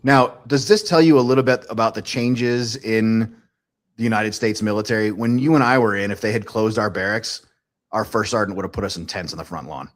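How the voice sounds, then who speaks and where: A man hosting a casual video chat show, an Army veteran who talks in an animated, profane way and laughs a lot. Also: lowish voice, brisk. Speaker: podcast host, Army veteran.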